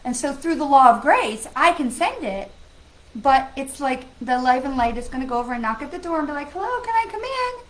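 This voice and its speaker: Woman, high-pitched, psychic medium, casual live-stream talk, earnest. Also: animated, a little fast, rough recording. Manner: chatty and earnest, addresses viewers by name.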